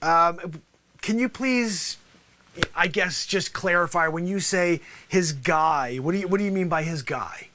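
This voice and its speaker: High, bright-voiced man playing lawyer. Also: unhurried, a little hiss or hum. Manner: theatrical, jokey and exaggerated, drops to whispers. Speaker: comedian playing a trial lawyer. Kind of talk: comedic mock courtroom sketch.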